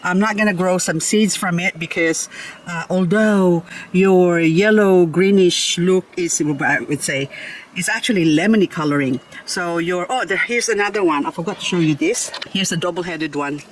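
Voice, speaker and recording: A woman's voice: lowish voice, moderate pace, slight background noise, rough recording. A woman hosting a casual gardening vlog in her garden, chatting and pointing things out plant by plant, often laughing. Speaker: succulent grower, channel host. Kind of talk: casual show-and-tell vlog. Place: outdoors in a garden.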